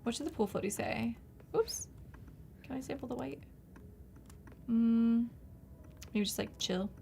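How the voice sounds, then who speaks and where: A woman's voice: fairly high pitch, unhurried, creaky, warm tone, slight background noise. A woman hosting a live design stream, chatting and narrating each step with frequent laughs. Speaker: livestream host and designer. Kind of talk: casual live design demo.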